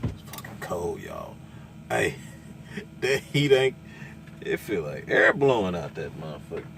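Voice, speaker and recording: A man, a truck driver ranting loudly and cursing in casual talk from inside his truck cab. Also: low voice, sing-song, a little slow, vocal fry, slight background noise. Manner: loud, cursing, repetitive, laughing. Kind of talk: profane casual rant.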